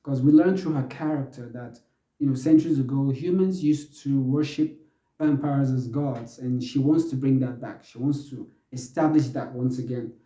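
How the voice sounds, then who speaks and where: Dark-voiced man rambling through a movie review. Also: mid-range voice, normal speed, reverberant, poor audio. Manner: rambling, many fillers and restarts, laughs easily. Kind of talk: casual spoken movie review.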